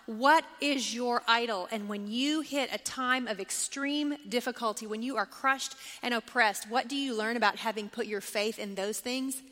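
A woman's voice: fairly high pitch, normal speed, few pauses, bright, forceful tone, long reverb tail. A woman teaching a Bible study class, reading scripture aloud and asking the group questions as she goes. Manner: engaging, asks the class questions.

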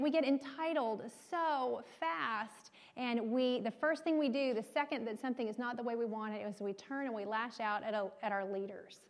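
Woman, Bible teacher, conversational, asks questions, higher voice, hall reverb.

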